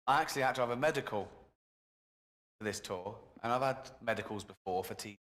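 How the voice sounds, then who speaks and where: A man doing a stand-up comedy routine on stage, telling stories in an animated, chuckling way. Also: mid-range voice, fast talker, a little hiss or hum. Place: stage, heard through an in-game radio.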